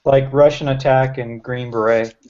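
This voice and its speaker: A man's voice: medium pitch, steady tone, moderate pace, a little mellow, dull audio. A man on a casual group video call, asking curious questions. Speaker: panelist.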